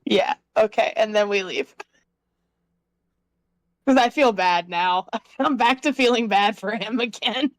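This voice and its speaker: A woman's voice: medium pitch, slow pace, long pauses, no room sound. A woman player at a tabletop game, chatting casually, rambling and laughing often.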